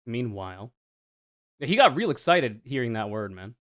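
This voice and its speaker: A man streaming a reaction to another video, talking casually with sarcastic, animated commentary and free swearing. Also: mid-range voice, moderate pace.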